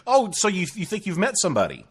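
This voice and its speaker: A man hosting a casual interview, eager and excited, often stopping and restarting his questions. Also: high-pitched, breathy edge. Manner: eager, halting with many restarts. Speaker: host.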